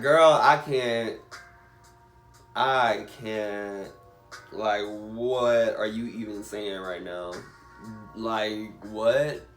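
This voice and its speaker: A man's voice: medium pitch, a bit bright. Emphatic young man ranting in an echoey room. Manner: emphatic, swears, repeats himself. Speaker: vlogger. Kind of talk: casual storytime rant.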